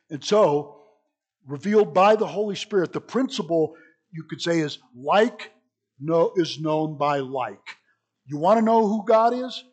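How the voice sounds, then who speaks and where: A man's voice: a little high, animated, a little slow, darkish tone. A man preaching a sermon, reading scripture aloud and then explaining it in plain, conversational asides. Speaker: pastor.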